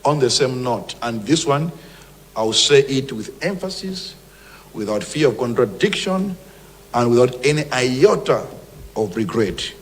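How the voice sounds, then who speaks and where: A man's voice: medium pitch, big pitch swings, a little slow, a little hiss or hum. A man with a Malawian accent, a government minister giving an emphatic, combative press briefing. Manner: emphatic and combative, with mocking mimicry. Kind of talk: press briefing, mixing English and Chichewa.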